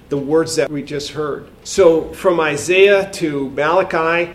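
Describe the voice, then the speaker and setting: High-voiced earnest male preacher. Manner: earnest and emphatic, addresses listeners as dear ones. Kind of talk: expository sermon reading and explaining scripture.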